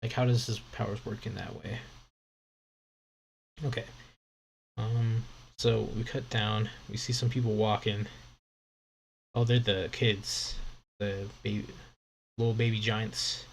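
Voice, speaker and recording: A man's voice: fairly low pitch, little pitch movement, takes it slowly, creaky, pauses often, slight background noise. Casual rambling male streamer. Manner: casual, rambling, lots of fillers. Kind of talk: live comic read-along commentary.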